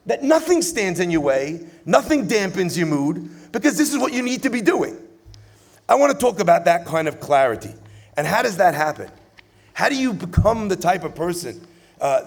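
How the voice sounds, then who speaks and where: A man giving a rabbi's address to a conference audience from a lit stage, an animated and playful preacher who swings from loud to soft. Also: a little high. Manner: playful storyteller with jokes.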